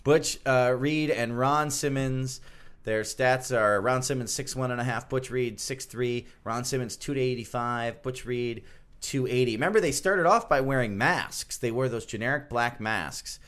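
A man's voice: mid-range voice, a little slow, a bit bright. A man hosting a casual chat, enthusiastic and nerdy about his hobby. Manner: enthusiastic, self-described wrestling nerd.

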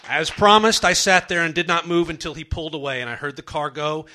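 A man's voice: on the high side, a little fast, bright, forceful tone, some chatter behind, a little hiss or hum. A young man performing a true story on a comedy stage, dramatic and self-mocking.

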